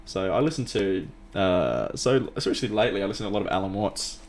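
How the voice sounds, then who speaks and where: An Australian man in relaxed conversation as a podcast guest, laid-back and quick to laugh. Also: low-pitched. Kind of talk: casual conversation.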